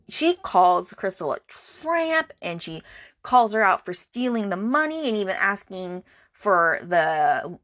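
A woman's voice: on the low side, fairly bright tone, no echo, studio quality. Chatty woman recapping a book. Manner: chatty, many "like"s, indignant asides. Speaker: book podcast host.

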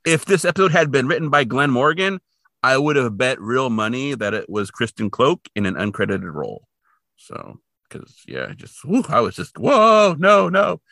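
A man co-hosting a podcast, chatting casually and rambling through animated asides. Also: mid-range voice, moderate pace, gravelly, no room sound, studio quality. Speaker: podcast co-host. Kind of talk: casual chat.

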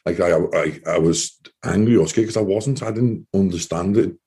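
Man, deep voice, husky, mellow, casual rambling storytelling, lots of fillers. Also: normal speed. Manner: rambling, many "you know" fillers. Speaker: interview guest.

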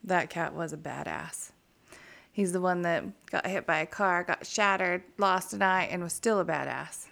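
A woman's voice: lowish voice, normal speed, creaky, a bit bright. A woman in casual chat, telling stories frankly and swearing freely.

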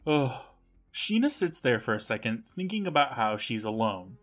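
Lively, animated man recapping with laughs. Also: medium pitch, normal speed. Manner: laughing, swearing, recaps plot and mimics characters. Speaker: podcast co-host. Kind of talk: casual recap chat.

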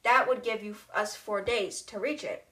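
A woman voicing a cautious male boat captain in a storybook retelling, lower and quicker, apologetic. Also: sharp tone, natural voice.

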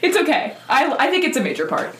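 A young adult woman co-hosting a podcast, animated and laughing, playfully arguing her point. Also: high-pitched, fast talker. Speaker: podcast co-host. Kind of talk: casual podcast chat. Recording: echoey room with loud hiss.

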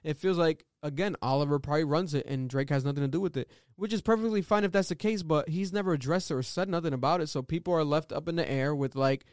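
Animated man in casual podcast chat; high, smooth, dry close sound. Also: no echo. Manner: animated, laughs often, quick rambling asides.

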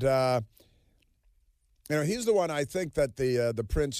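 A man's voice: mid-range voice, a little mellow, no echo, studio quality. Sarcastic male talk radio host. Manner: sarcastic, mocking, rambling with fillers. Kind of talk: political talk radio monologue. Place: radio studio. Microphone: studio microphone.

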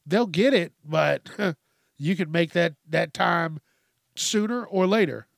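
A man's voice: fairly high pitch, takes it slowly, gravelly, dry recording, clean studio sound. A man hosting a podcast, ranting casually and comically, swearing a lot and laughing between lines. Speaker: podcast host. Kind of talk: casual comedic rant.

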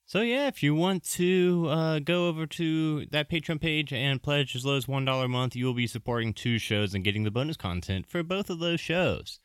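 Male podcast host, rambling and apologetic, smooth tone, dry booth sound. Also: a little high, no room sound. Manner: rambling, apologetic, fast announcements. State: out of breath. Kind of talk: casual podcast outro.

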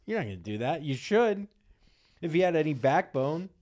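A man's voice: fairly high pitch, big pitch swings, moderate pace, a little mellow. Man, podcast co-host, casual comedic chat, crude jokes, swears a lot. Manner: crude, joking, swears freely.

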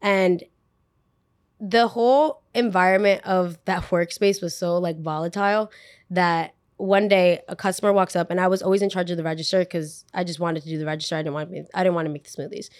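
A woman's voice: fairly low pitch, fairly quick, dry recording, studio quality. Chatty young woman telling a story. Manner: animated, lots of "like", acts out quotes. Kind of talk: casual storytelling.

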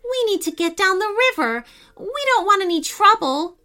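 A woman playing a sweet little mermaid girl from a storybook. She speaks high and light, in the way of a young child. She sounds timid and gentle. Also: very animated, moderate pace, faint music behind, heavily acted. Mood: pleading.

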